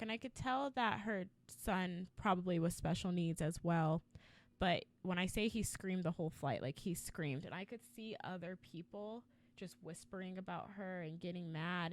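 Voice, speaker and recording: A woman's voice: fairly low pitch, moderate pace. A woman co-hosting a podcast, telling a story in casual chat with lots of filler words. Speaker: podcast co-host.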